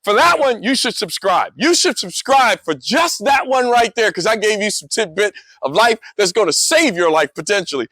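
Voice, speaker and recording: A middle-aged man telling joking stories in a casual monologue, animated, laughing often and repeating words. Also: high voice, moderate pace, few pauses, dry recording. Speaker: motorcycle vlogger.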